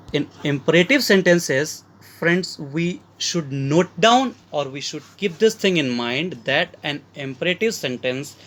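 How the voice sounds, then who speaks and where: A man's voice: a little high, fairly bright tone. A man with an Indian English accent, teaching a grammar lesson from slides and explaining each example step by step as he calls his listeners friends.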